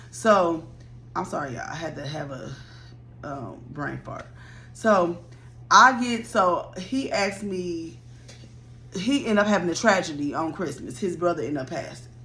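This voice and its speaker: A woman in her mid-thirties telling a rambling personal story to her viewers, chatty and animated. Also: lowish voice, unhurried, slight background noise. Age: 30s.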